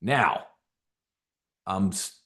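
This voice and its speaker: Rambling, low-voiced market commentary man. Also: animated, extremely slow, a bit bright. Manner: rambling, repeats words, folksy asides to viewers. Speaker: trading show host.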